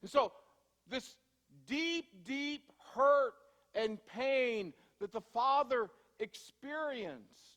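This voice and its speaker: Man, pastor, sermon, very high voice, conversational storytelling, church hall reverb. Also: expressive, fairly bright tone. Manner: conversational storytelling, shifting from slow emphasis to quick asides. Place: church sanctuary.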